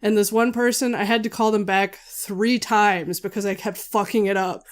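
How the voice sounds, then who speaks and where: A woman's voice: mid-range voice, fairly even intonation, normal speed. A woman in middle voice chats on a podcast. She tells self-mocking stories with easy, casual swearing. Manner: chatty storyteller, self-mocking. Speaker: podcast co-host. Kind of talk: casual chat.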